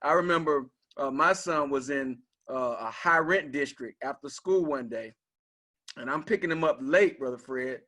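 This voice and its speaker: A man's voice: mid-range voice, moderate pace, sharp tone. A man speaking on a discussion panel as a father, telling a personal story in an earnest, conversational way.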